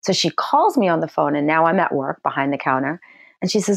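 A middle-aged actress telling a personal story in an interview, animated and acting out what people said in a high, excited voice. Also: female voice, a little fast, creaky, no echo, studio quality. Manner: lively storyteller who acts out quotes in a high excited voice.

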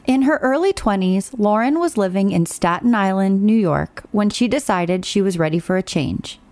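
A woman narrating a true-crime documentary in a measured, scripted storytelling delivery. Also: mid-range voice, animated, darkish tone.

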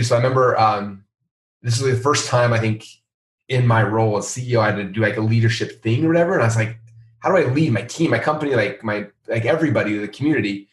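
A middle-aged man, a company founder, telling a story in a casual interview and acting out the people he quotes. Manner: animated, acts out quoted voices in a higher pitch. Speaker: founder and CEO of a software company. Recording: roomy sound, a bit off-mic.

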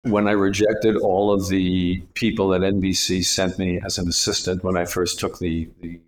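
Older man, very low voice, telling stories. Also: little pitch movement, moderate pace. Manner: anecdotal, acts out quoted voices. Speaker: retired casting director, guest. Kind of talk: storytelling interview.

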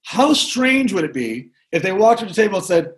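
Man, high voice, punchy sales pep talk full of repetition and crowd questions. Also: moderate pace. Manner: energetic, repetitive, talks to the crowd. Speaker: sales trainer. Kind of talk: motivational talk.

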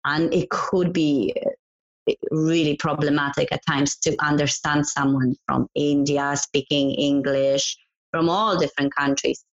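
A woman speaking in a notably low voice, sharing earnest advice in a relaxed interview chat. The audio is dull and lo-fi, as over a remote call. She laughs easily between points. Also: measured pace. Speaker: guest, events business founder.

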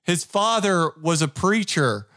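A man interviewing a guest in casual chat, enthusiastic and quick to laugh, often restarting his sentences. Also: high voice, animated, sharp tone.

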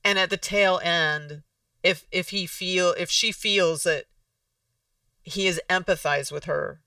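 Gravelly, bright-voiced podcast host. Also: mid-range voice, fairly even intonation, slow, no room sound, studio quality, recorded from a distance. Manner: conversational, restarts sentences, acts out example dialogues. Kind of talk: casual explanatory talk.

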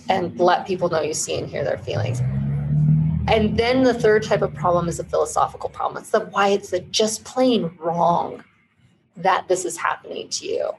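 A woman who founded a marketing agency, a guest in an interview, explaining ideas in a measured, teacherly way with examples. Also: lowish voice, vocal fry, slight background noise, low-quality recording. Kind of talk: casual interview chat.

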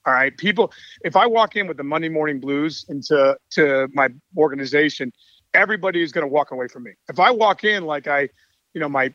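A middle-aged man, a baseball coach and author, tells stories with energy and enthusiasm in a casual interview. His voice is fairly high. He's on a call mic, and the recording is dry and lo-fi.

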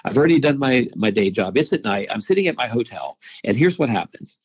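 A middle-aged man, a psychologist and veteran, telling a personal story as an interview guest, animated and often repeating his words. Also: medium pitch, a little fast, husky, rough recording. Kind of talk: conversational storytelling.

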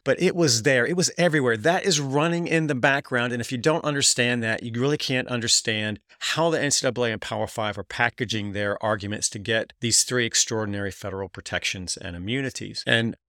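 A man's voice: mid-range voice, fairly quick, hardly any pauses, sharp tone, no room sound, clean studio sound. A man hosting a podcast, giving earnest analytical commentary that builds in emphasis, with occasional restarts. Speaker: podcast host.

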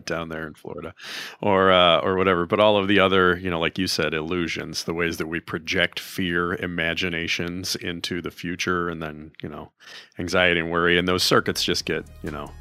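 A man hosting a conversation in a very low but bright, forceful voice. He explains things calmly and uses filler words. Faint music plays under the dry recording. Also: normal speed, no room sound. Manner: calm and explanatory, with science terms and fillers. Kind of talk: conversational interview.

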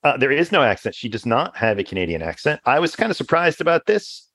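随和的男性播客主持人,干燥录音. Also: male voice, medium pitch, sing-song, quick pace, a bit bright, no echo, clean studio sound. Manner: easygoing, agreeable. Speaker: podcast co-host. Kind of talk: casual podcast chat.

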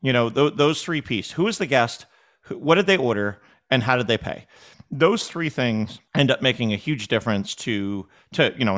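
A man talking as a guest on a podcast, animated and repeating words as he acts out little conversations. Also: medium pitch. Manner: animated storyteller, acts out dialogue, frequent word repeats. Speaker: podcast guest, restaurant technology executive. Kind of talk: casual interview talk.

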